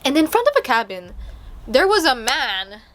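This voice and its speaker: A young woman tells a spooky story straight to camera, her voice sitting a little high. She talks casually, drops in fillers constantly and slips into a higher voice when quoting people. A faint hum of room sound sits behind her. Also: very animated, normal speed. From Philippines. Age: young adult. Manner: chatty, filler-heavy, acts out quotes in a higher voice. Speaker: storytime vlogger.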